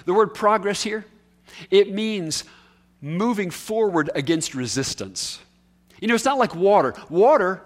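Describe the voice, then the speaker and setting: A male preacher with a high voice delivers a sermon in a conversational way, often turning to ask the listeners questions. He leans hard on key words, then drops to a near hush to let a point land. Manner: emphatic, swings from raised highs to hushed lows.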